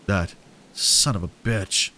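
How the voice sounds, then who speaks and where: A man voicing a jittery, manic man who has been trapped too long, speaking low and full of dread, with rain falling behind. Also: animated, measured pace, a bit bright, a little hiss or hum. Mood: bitter.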